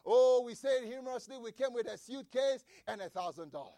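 A man preaching a sermon as pastor, reading scripture slowly and breaking into shouts for emphasis. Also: extremely high pitch, dry recording. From grew up outside the United States, across the Atlantic.

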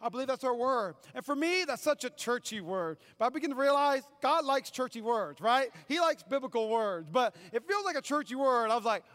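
A man preaching a sermon to his church as pastor, in a conversational, animated way with casual asides. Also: extremely high pitch, brisk, hardly any pauses. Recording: long reverb of a large hall.

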